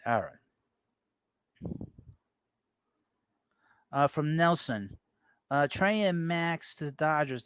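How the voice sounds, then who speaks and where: On a casual baseball live stream, a male host with a fairly high voice reads viewer comments aloud and gives offhand reactions, rambling along. There's no room sound in the recording.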